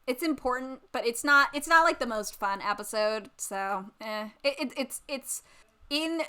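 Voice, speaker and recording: A woman's voice: on the high side, animated, unhurried, bright, forceful tone, clear, resonant tone. A woman co-hosting a podcast, chatting casually in a sarcastic, rambling way with lots of ums. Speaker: podcast co-host. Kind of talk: casual chat.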